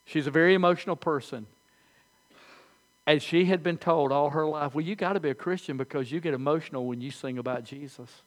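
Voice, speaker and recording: An older man preaching a sermon as pastor, telling folksy stories with animated, halting restarts. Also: fairly high pitch.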